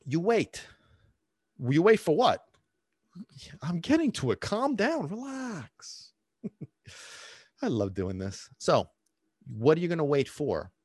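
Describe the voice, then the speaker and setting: This medium-pitched host does a solo dog-training podcast, blunt and profane, throwing teasing quiz questions at listeners. He's lively, alternating loud bursts with hushed moments, and there's no echo.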